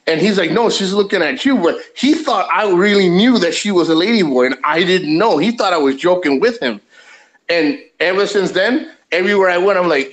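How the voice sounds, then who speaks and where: Rambling animated storytelling man. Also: high voice, moderate pace, rough recording. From USA. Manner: rambling, animated, swears freely. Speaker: vlogger telling a travel story. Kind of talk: casual storytelling.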